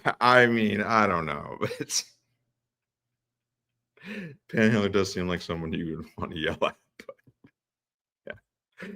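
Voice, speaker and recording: A man's voice: low-pitched, slow pace, pauses often, sharp tone. A man in casual chat, amused and teasing.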